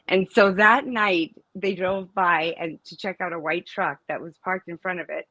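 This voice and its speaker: Middle-aged woman, guest telling a story; lowish voice, emphatic, dry close recording. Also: normal speed, sharp tone, dry recording, low-quality recording. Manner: emphatic, storytelling, with many restarts. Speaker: interview guest, mother of a student. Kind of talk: casual interview conversation.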